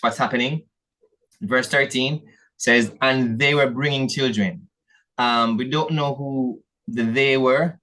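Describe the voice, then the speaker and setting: A man's voice: medium pitch, fairly bright tone, rough recording. Earnest Jamaican man preaching a sermon. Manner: earnest, addresses listeners as family, frequent restarts. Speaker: church elder preaching. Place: church meeting hall.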